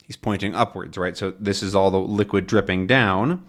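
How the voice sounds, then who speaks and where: A man's voice: low voice, steady tone, moderate pace. A man teaching English to learners by reading a comic aloud, chatty and explaining as he goes. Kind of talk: comprehensible-input lesson, reading a comic aloud.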